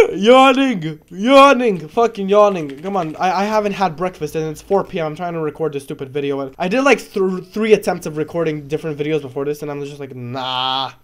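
A man giving live gameplay commentary, excitable, rambling and stumbling over his words, swearing and yelling at the game. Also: a little high, fast talker, hardly any pauses. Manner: excitable, swears and yells at the game, trash-talks it. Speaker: gaming video creator.

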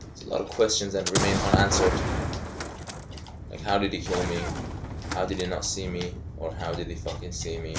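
A young man doing live video game commentary, trash-talking, swearing and breaking into yells. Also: low voice, very noisy. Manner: foul-mouthed trash talk, bursts of yelling. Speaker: gaming commentator. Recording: roomy sound with game gunfire. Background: video game gunfire.

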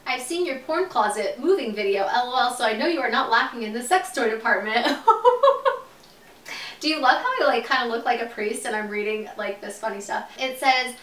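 A woman's voice: on the high side, fairly bright tone, recorded from a distance. A young woman chatting casually through an unboxing vlog at home, gushing and giggly. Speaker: vlogger. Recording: roomy, off-mic, faint hiss.

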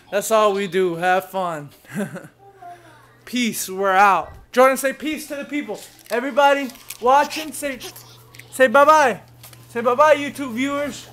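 A man's voice: very high voice, a little slow, fairly bright tone. A man filming his baby son at home in a bedroom, teasing and coaxing him in a playful, joking way. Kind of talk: playful home video talk to a toddler.

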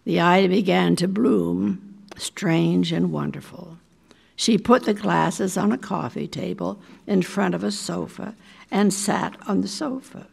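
An older woman reading a short story aloud in a measured, deliberate way. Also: on the low side, creaky, darkish tone, slightly rough. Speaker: resident reader.

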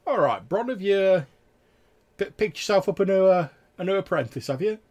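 A man's voice: high-pitched, animated, a little fast, darkish tone, voice pushed up. A man voicing an easygoing male village gate guard who chats in a casual, friendly way.

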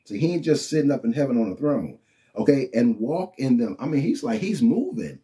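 Animated man preaching with a mellow voice. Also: mid-range voice, fairly quick. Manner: animated and colloquial, with frequent "you know what I'm saying" and "okay?". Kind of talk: informal preaching and Bible teaching.

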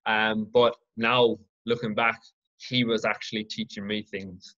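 Low, flat-voiced man. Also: highs cut off. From Ireland. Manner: earnest, reflective and halting. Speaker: podcast host. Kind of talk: solo podcast storytelling.

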